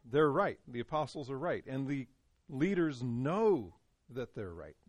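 A man's voice: mid-range voice, sing-song, measured pace, no echo. A man teaching a Bible study to a small group in a conversational way, often putting questions to his listeners.

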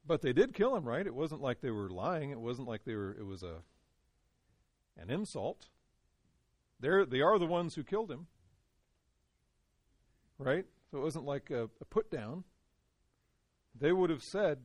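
A man's voice: a little high, very animated, unhurried, long pauses, dry recording. A man teaching a Bible study to a small group in a conversational way, often putting questions to his listeners.

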